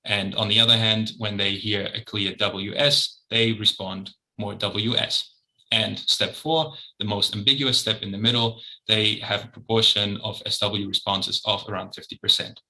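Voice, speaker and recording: A man's voice: on the low side, steady tone, normal speed, pushed and bright, low-quality recording. A man presenting a research study at an academic conference, explaining methods and results with frequent ums and uhs.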